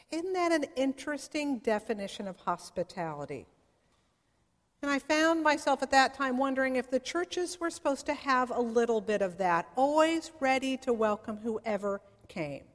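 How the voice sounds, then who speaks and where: A middle-aged woman pastor from the San Francisco area, preaching a sermon in a conversational storytelling way with playful asides. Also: high-pitched. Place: church sanctuary. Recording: long hall reverb.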